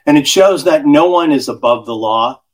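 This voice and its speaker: A man on a podcast panel giving steady, essay-like prepared commentary. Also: fairly high pitch, normal speed, rough recording.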